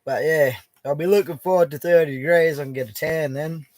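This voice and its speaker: A man's voice: on the high side, fairly even intonation, brisk, a little mellow, dry recording. A young Australian man chatting casually on a live stream from his bush camp, reading out viewer comments in a laid-back, chatty way and laughing easily. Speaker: prospecting livestreamer.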